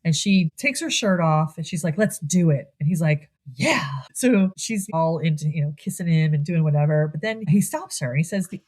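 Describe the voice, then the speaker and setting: A woman co-hosting a podcast, casually recapping a horror film, acting out the characters' lines and laughing often. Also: deep voice. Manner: animated retelling, acting out lines in quick voices, laughs often. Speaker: podcast co-host. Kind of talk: casual movie recap chat.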